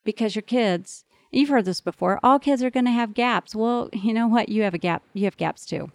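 A woman's voice: fairly high pitch, moderate pace, no echo. Earnest woman podcast host, dry sound. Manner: earnest, animated, addresses listeners directly. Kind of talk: encouraging podcast monologue to parents.

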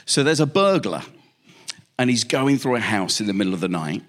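A man preaching a sermon, telling stories with lively emphasis and repeated questions. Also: medium pitch, brisk.

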